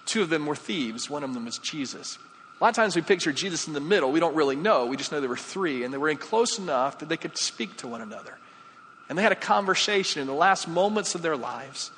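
A man, a pastor, leading a communion meditation in an earnest voice that swells to emphasis and drops to a hush. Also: on the high side, slight background noise. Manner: earnest, rising and falling between emphatic and hushed. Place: church sanctuary. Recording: hall reverb, faint room ambience.

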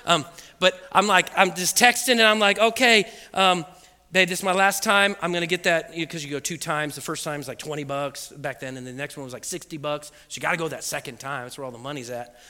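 A man preaching to his church, telling a funny personal story with lively acted-out voices and laughter. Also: fairly high pitch, fast talker. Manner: animated storytelling, acts out voices and beeps, laughs often. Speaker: pastor. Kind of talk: sermon with a comic personal story. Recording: echoey hall with long reverb.

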